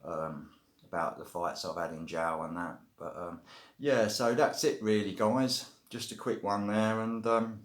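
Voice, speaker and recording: A man's voice: lowish voice, steady tone, unhurried, roomy sound. A middle-aged British man casually telling a story to camera, rambling with lots of "you know" and "basically". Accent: British English. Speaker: vlogger telling prison stories.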